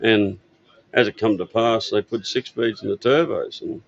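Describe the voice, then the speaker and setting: A man's voice: lowish voice, steady tone, normal speed, creaky, dry recording, highs cut off. An older man from Australia telling stories about his parts business in a rambling, easygoing way with lots of fillers. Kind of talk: casual interview storytelling. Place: outdoor expo stand.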